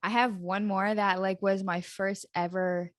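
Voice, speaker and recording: A young woman co-hosting a podcast, telling stories in a giggly, animated way. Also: mid-range voice, a little slow, no echo, studio quality. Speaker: podcast co-host. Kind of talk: casual chat.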